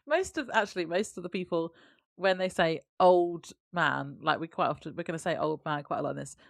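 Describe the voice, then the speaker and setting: A woman's voice: on the low side, normal speed, creaky, no room sound, clean studio sound. A woman co-hosting a podcast in casual chat, recapping scenes and trailing off as she thinks aloud. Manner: chatty, trailing off and hedging. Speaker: podcast co-host.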